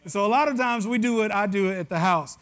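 A man's voice: high voice, fast talker, a bit bright. A man with a West Tennessee Southern accent preaching a sermon in a conversational, joking way, with asides to the congregation. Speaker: pastor.

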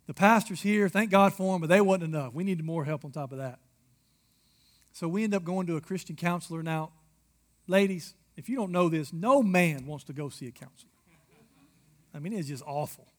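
A man's voice: on the high side, moderate pace. A man preaching a sermon, candid and personal, speaking directly to the congregation. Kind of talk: sermon to a men's audience.

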